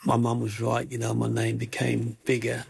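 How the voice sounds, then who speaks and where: An older man, a guest in an interview, telling his life story with lively acted-out quotes. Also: medium pitch, normal speed, vocal fry, background noise. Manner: animated storyteller acting out quoted voices.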